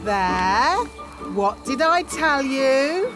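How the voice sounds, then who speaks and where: A woman's voice: sits high, big pitch swings, very slow, exaggerated voice. A woman voicing a bossy, careless fairy nanny in a cartoon, with a breezy, dismissive way of talking. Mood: confident. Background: music.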